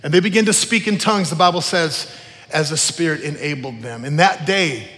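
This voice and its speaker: A man's voice: on the high side, a little fast, a bit bright. A man pastor preaching a sermon in an earnest, emotional manner, praying aloud between points. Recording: long reverb of a large hall.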